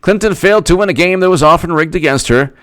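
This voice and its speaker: A man's voice: high voice, quick pace, a bit bright, clear, resonant tone, dry recording. A man who works as a political commentator, reading an article aloud and mocking it with sarcastic asides.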